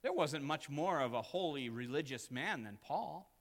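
A man's voice: on the high side, lively intonation, moderate pace. Dynamic male pastor preaching in a reverberant church. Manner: dynamic preaching, swinging from loud emphatic peaks to hushed asides. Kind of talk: sermon. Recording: long reverb of a church hall.

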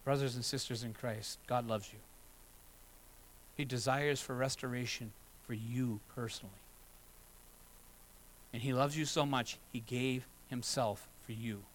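A middle-aged man delivers a sermon from the pulpit. He is earnest but conversational, and he slips into short acted-out asides. His voice sits at an ordinary middle pitch. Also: steady tone, measured pace, pauses often, a little hiss or hum, poor audio. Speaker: pastor.

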